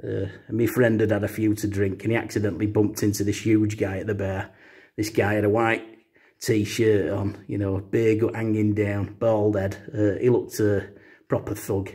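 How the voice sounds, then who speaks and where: Male vlogger, deadpan storyteller, lowish husky voice, lots of hesitations. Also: moderate pace. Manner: rambling, full of uh fillers. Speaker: comedy vlogger.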